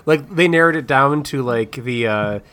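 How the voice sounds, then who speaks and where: A man's voice: medium pitch, normal speed, fairly bright tone. A man in a casual chat with friends who stammers and restarts his sentences often.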